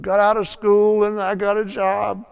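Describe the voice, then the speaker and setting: A man's voice: high-pitched, monotone, a little slow, vocal fry, clear, resonant tone. An older man teaching a Bible lesson in a chatty storytelling way, laughing at his own tales.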